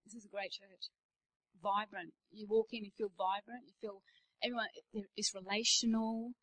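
A woman's voice: medium pitch, fairly even intonation, moderate pace, a bit bright, poor audio. A middle-aged woman with an Australian accent, preaching a sermon as a guest speaker in a church, telling anecdotes with emphasis.

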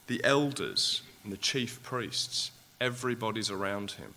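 A man's voice: lowish voice, lively intonation, unhurried, few pauses, pushed and bright. A man preaching a sermon, asking his listeners rhetorical questions and growing impassioned.

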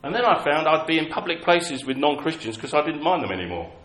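A man's voice: on the high side, very animated, fast talker, fairly bright tone. A man preaching a sermon, telling personal stories in a conversational, self-mocking way. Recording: echoey hall with faint ambience.

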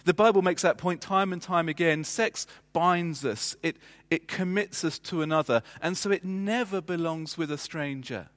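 A man delivering a sermon in a measured, emphatic way, often pausing with fillers. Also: fairly high pitch. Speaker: preacher. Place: church. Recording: church hall reverb.

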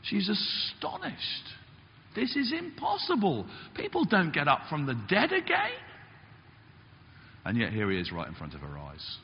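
A male pastor delivers a sermon with a lively, swooping delivery, sometimes acting out the voices he quotes. The sound is slightly dull and carries a long church reverb. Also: unhurried, creaky. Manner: animated, acts out quotes with big pitch jumps. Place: church hall.

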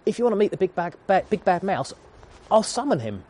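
A man's voice: high voice, sing-song, brisk, a little mellow, pitched above the performer's own voice. A man voicing a small, clever male field mouse in a children's story retold during a sermon. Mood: indignant.

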